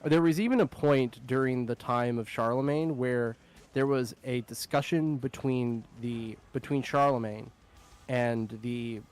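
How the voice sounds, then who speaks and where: Young man, casual streaming chat, rambling with fillers, mid-pitched voice, faint music behind. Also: a little slow, darkish tone, clear, resonant tone. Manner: rambling, filler-heavy, laughs often. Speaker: streamer host.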